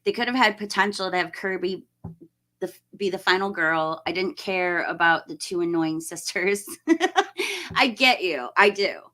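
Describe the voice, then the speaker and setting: A woman's voice: on the low side, animated, unhurried, sharp tone. A woman hosting a casual live stream, chatting and greeting viewers by name, laughing often.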